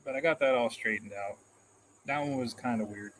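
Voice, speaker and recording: A man's voice: medium pitch, fairly quick, a bit bright, slight background noise, poor audio. A man hosting a casual live stream, reading out comments in a rambling, self-deprecating way and chuckling often, into a phone camera. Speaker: livestream host.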